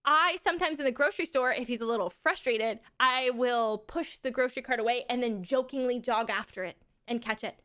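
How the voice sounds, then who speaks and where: A young woman with a slightly high voice chats to her stream in lively, rambling stories, laughing and swearing freely. The sound is close and dry, with no room around it. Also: a little fast, hardly any pauses, no room sound. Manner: animated storytelling with frequent swearing and laughter. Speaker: livestreamer. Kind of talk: casual chat with viewers.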